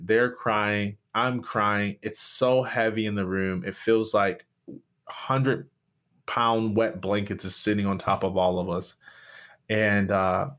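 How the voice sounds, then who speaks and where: A young man from Michigan, a pastor, telling his story as a podcast guest in an earnest, animated way with frequent restarts. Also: on the low side, slow pace. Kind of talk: candid storytelling and conversation.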